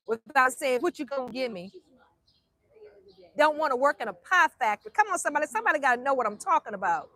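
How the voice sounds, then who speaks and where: An older grandmother tells stories in a high, bright voice. She is animated and acts out every voice she quotes. The sound is close and dry, with no room around it. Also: dry recording. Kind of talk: casual storytelling chat.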